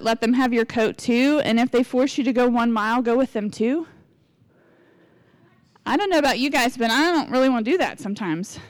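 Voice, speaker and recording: A woman's voice: fairly high pitch, no room sound. A woman in her forties giving a casual, candid sermon in church, chatty and confessional, acting out what people say. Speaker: lay preacher.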